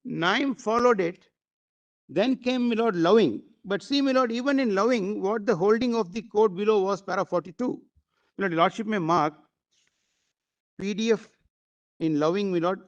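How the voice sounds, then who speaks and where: A man's voice: high-pitched, muffled recording. A man arguing before a court, formal and deferential, addressing the bench constantly and sometimes hesitating with fillers. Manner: hesitant at times, with fillers and restarts. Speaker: advocate. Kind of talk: courtroom argument.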